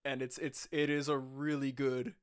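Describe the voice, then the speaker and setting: A man's voice: mid-range voice, flat delivery, moderate pace, smooth. A young man co-hosting a podcast, chatting eagerly and laughing often, with lots of fillers. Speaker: podcast co-host. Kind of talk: casual chat.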